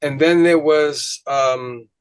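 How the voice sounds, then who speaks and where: A man hosting a podcast, chatting casually and reminiscing, often pausing on fillers as he searches for words. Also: fairly high pitch, steady tone, clean tone. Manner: reminiscing, hesitant with many fillers. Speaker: podcast host. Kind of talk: casual conversational interview.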